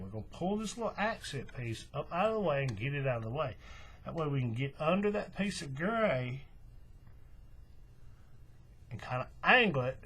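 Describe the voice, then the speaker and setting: A man's voice: mid-range voice, husky. Folksy man talking through a craft demo. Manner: relaxed, folksy, talks while working with his hands. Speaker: craft tutorial host. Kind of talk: step-by-step hands-on demonstration.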